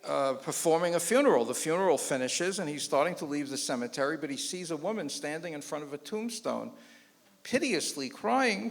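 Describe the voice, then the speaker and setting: Animated man telling jokes in a hall. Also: a little high, a little fast, creaky. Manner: animated joke-telling with quoted voices. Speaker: rabbi lecturer. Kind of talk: public lecture telling jokes. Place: lecture hall before an audience. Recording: long hall reverb.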